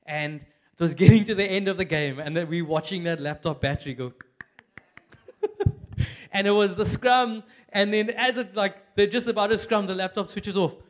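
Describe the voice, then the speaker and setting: A high-pitched young man with a South African accent preaches in a loose, joking way. He talks like a friend telling a story, full of "like" and quick asides. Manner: chatty and animated, with many "like" fillers and bursts of laughter. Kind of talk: casual, humorous sermon. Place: church.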